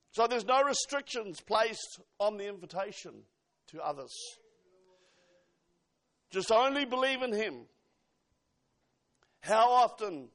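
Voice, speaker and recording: High-voiced New man preaching. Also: fairly bright tone. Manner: emphatic, quotes scripture, asks the congregation questions. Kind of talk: sermon.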